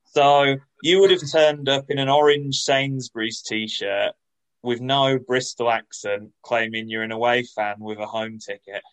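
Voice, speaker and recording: A man co-hosting a podcast in casual chat, measured and dryly teasing. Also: mid-range voice, steady tone, clear, resonant tone, low-quality recording. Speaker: podcast co-host.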